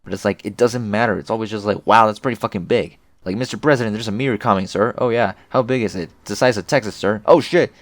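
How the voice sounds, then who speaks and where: A man's voice: lowish voice, fairly even intonation, fast, few pauses, dry recording, close to an everyday voice. A man voicing a sardonic teenage boy in an online chat, rambling and crude. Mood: snarky. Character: snarky deadpan teenage boy chatting online.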